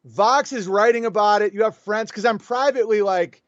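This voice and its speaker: A man with a high-sitting voice speaks at normal speed as a guest on a show, animatedly telling a story and playing both sides of a quoted back-and-forth in a casual interview. The recording has no room sound and its highs are cut off.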